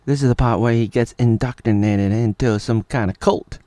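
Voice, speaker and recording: A man's voice: mid-range voice, fairly even intonation, normal speed, mellow, no echo. A man in his thirties from the United States, rambling jokily through casual reaction commentary. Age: 30s. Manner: rambling, jokey, jumps into silly voices.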